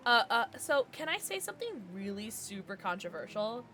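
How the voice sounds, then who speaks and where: A woman's voice: fairly high pitch, very animated, fairly quick, few pauses, fairly bright tone, faint music behind. A woman streamer chatting casually with her live viewers, giggling often as she reacts to the chat.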